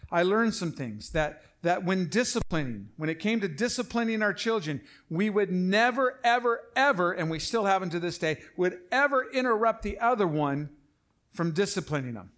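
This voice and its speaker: A middle-aged man preaching a sermon as pastor, emphatic and repetitive, slowing down to stress his points. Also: high-pitched, lively intonation, a bit bright.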